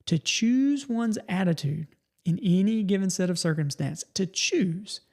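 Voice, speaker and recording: A middle-aged man hosts a motivational podcast. His voice has a gravelly, creaky edge. He speaks in a folksy, conversational way, restarting and repeating words as he goes. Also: high voice, animated, unhurried, darkish tone. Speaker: podcast host. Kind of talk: motivational talk.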